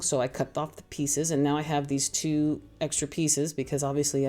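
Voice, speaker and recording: Chatty low-voiced woman crafting. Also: level tone, normal speed, hardly any pauses, warm tone, faint music behind. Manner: chatty, rambling, self-deprecating. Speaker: craft channel host. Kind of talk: casual craft tutorial voice-over.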